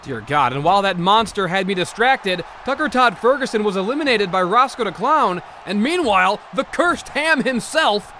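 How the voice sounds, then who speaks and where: Bright, high melodramatic male commentator. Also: lively intonation, moderate pace, hardly any pauses, a little hiss or hum. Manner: melodramatic, outraged rants. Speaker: mock wrestling commentator. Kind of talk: comedic play-by-play commentary.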